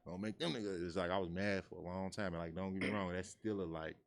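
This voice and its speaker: A man from Chicago in his thirties, telling stories in casual chat and acting out quotes in a high voice. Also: quick pace. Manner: animated storyteller, acts out quotes in a high voice. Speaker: guest.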